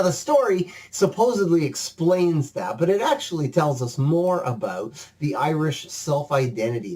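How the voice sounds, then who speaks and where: A man preaching a sermon, telling a folk tale with folksy, animated phrasing. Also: mid-range voice. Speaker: pastor. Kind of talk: storytelling sermon.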